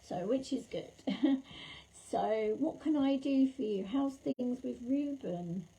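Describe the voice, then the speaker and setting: A woman, a psychic medium, chatting warmly with viewers during a livestream reading while her throat is sore and scratchy. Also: high voice, expressive, slow pace, gravelly, breathy edge. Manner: chatty and affectionate, calls viewers lovely and darling. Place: at home.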